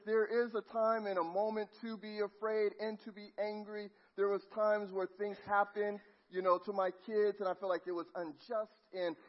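A middle-aged man preaching a sermon, telling a family story and dropping to a near hush at tender moments. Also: sits high. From Los Angeles. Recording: muffled lo-fi sound.

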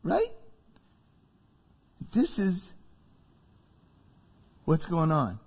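A man's voice: on the high side, very slow, slightly rough, lo-fi sound. A man preaching a sermon, vividly acting out biblical figures as he tells the story. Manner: acts out biblical figures with lively quoted voices.

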